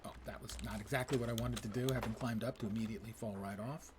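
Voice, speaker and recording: This man's low-leaning voice moves fast with fairly even intonation as he streams gameplay live. He reads quest text aloud and mutters wry asides to himself in casual commentary, with background noise present.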